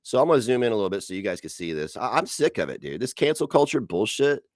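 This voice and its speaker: Male streamer, angry profane rant, lively swooping delivery, dry close mic. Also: fairly low pitch, quick pace, dry recording. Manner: profane, ranting, sarcastic.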